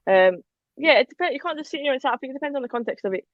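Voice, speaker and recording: A woman co-hosting a casual live football talk show, chatty and animated, reading out viewer comments. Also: sits high, very fast, no room sound, muffled recording. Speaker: podcast co-host.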